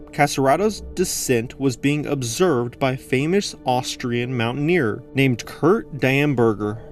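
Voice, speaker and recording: A man's voice: medium pitch, a little mellow. Man narrating a dramatic documentary. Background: faint background music.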